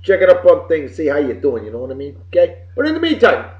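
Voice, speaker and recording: A man's voice: fairly high pitch, wildly swooping pitch, fast talker, darkish tone. Boisterous man hosting in a roomy space. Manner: boisterous, folksy, swearing, wisecracking. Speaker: show host. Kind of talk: casual birthday shout-outs on a web show. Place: home room with computer behind him. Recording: roomy, dull lo-fi webcam audio.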